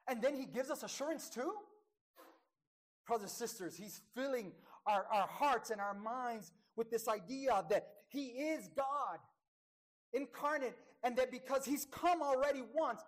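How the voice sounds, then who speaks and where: A woman preaching a sermon, emphatic, dropping to a hush and rising loud again, slowing down on key words. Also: sits high, slightly rough.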